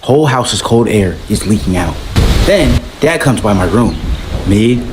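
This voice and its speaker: Animated young man narrating comedy skits. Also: lowish voice, a little slow, background noise. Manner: animated, jumps between voices for each character. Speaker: comedy sketch creator. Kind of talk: comedic POV skit narration. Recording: echoey room with music playing.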